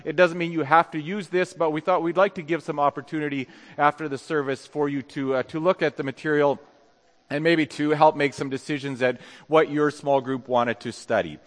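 A man with a fairly high voice preaches a sermon in a church. He talks in a halting way, with frequent ums and restarts. His voice rings out with a long hall reverb. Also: steady tone. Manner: halting, many fillers and restarts. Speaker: pastor. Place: church sanctuary.

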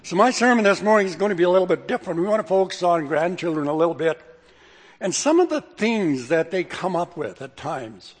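An older male pastor delivers a sermon with a relaxed, folksy, joke-telling manner. His voice sits a bit high for a man. It rings out with a long hall reverb, like a church sanctuary. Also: fairly quick, breathy edge. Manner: folksy, chuckling storyteller. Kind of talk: sermon with humorous stories.

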